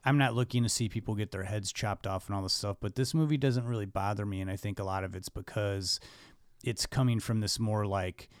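A man hosting a casual film podcast, rambling with many fillers and restarts and trailing off quietly. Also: lowish voice, steady tone, brisk, clean tone, dry recording, studio quality. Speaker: podcast host.

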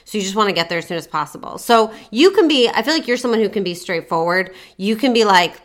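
Direct, brisk woman giving dating advice. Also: mid-range voice, expressive. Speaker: dating coach guest. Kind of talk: casual advice chat.

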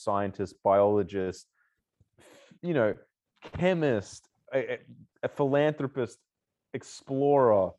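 A man's voice: mid-range voice, warm tone. A man co-hosting a podcast, chatting enthusiastically with many fillers. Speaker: podcast co-host. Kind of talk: casual chat.

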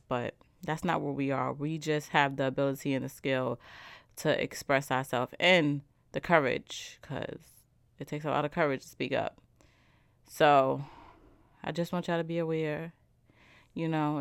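Low-voiced woman hosting a slangy podcast. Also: clean tone, no echo. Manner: animated, slangy, emphatic with frequent "okay?". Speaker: podcast host. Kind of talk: casual solo podcast monologue.

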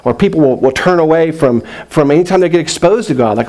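A middle-aged man preaching a sermon in an animated way, with joking asides and quoted voices. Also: a little high, fast talker, few pauses. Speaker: pastor.

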